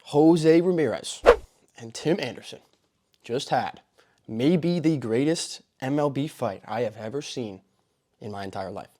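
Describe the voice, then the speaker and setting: A young man hosting a sports show, recapping a baseball brawl with excitable commentary and loud exclamations. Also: mid-range voice, unhurried. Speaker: host.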